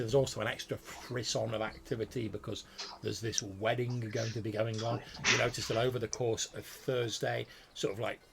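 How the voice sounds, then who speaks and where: Gm guy rambling through the scene, gravelly voice, faint hiss behind. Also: on the low side. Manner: rambling, filler-heavy narration. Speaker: game master. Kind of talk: narrating a tabletop game.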